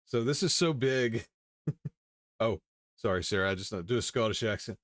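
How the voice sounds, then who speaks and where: A man's voice: fairly low pitch, animated, moderate pace, a bit bright, no echo, studio quality. A male host casually reading and commenting on news stories, wry, with chuckling asides.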